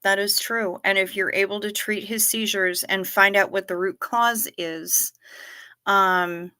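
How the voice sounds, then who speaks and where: A woman hosting a casual livestream, reading viewer comments in a gentle, sympathetic way. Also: mid-range voice, fairly even intonation, clear, resonant tone. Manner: slow, gentle and sympathetic, talking to chat. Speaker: livestream host.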